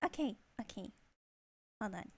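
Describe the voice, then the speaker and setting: A young woman streaming a video game live, chatting with viewers in a giggly, excitable way. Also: medium pitch, unhurried.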